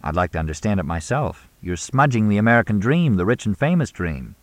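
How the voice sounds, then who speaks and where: A man voicing a dry-witted male journalist who quips deadpan. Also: lowish voice, brisk, no room sound. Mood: wry.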